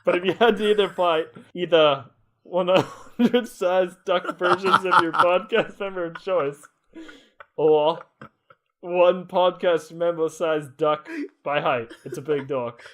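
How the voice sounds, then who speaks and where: A man reading a listener question in a put-on Australian accent, hammy and halting. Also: on the high side, steady tone, lightly acted. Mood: playful.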